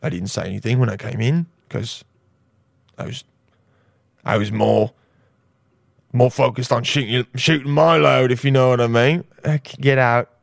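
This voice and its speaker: A man's voice: mid-range voice, normal speed, vocal fry, long pauses, no room sound, studio quality. A man hosting a comedy podcast, rambling crudely and laughing at his own jokes. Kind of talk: casual comedy podcast monologue.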